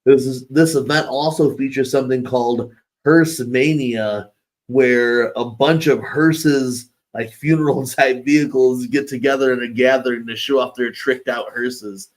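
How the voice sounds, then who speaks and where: Slow-talking man reading an announcement. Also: medium pitch, steady tone, rough recording. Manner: unhurried, reads news items aloud. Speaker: co-host. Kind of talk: casual chat, reading announcements.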